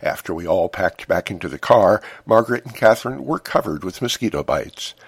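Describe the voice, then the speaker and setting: Middle-aged male memoir narrator; deep, wry, measured read, dry booth. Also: expressive, husky, no echo. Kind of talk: first-person memoir narration.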